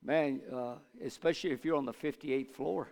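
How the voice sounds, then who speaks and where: A man preaching as a pastor, asking the congregation for amens and building to loud fervent declarations. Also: mid-range voice, fairly even intonation, moderate pace, gravelly. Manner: repetitive call-and-response, asks for amens. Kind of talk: sermon. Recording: long hall reverb.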